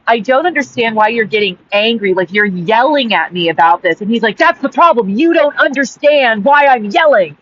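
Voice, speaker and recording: Woman, podcast host, heated rambling monologue, swears a lot, slightly muffled recording. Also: medium pitch. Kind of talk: personal ranting monologue. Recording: dull audio with faint background hiss.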